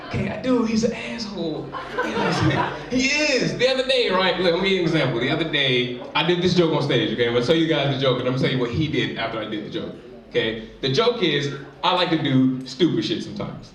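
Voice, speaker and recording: A man doing stand-up on a live stage, his fairly high voice bouncing up and down as he chats loosely with the room. He sounds a bit far from the mic in an echoey hall, with a crowd clearly audible. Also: big pitch swings, brisk. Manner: loose, chatty delivery full of "you know what I'm saying". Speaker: stand-up comedian. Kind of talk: stand-up comedy set. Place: live comedy venue with audience.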